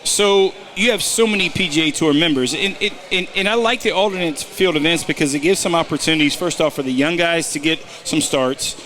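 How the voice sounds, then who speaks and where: Man, slightly high voice, co-host, casual teasing chat, stop-start sentences. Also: a little fast, few pauses, bright, forceful tone, a little hiss or hum. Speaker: podcast co-host and betting picks guy.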